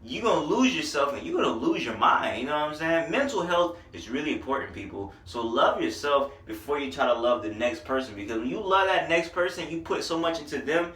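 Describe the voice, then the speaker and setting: A man giving a casual, animated album review, slangy and excited about the lyrics, recorded roomy and from a distance. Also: fairly high pitch, fairly quick, hardly any pauses. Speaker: music reviewer.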